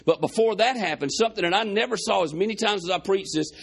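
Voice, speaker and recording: Male preacher, congested chest, gravelly voice, folksy storytelling sermon. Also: high-pitched, fast. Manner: folksy, retells scripture with quoted dialogue.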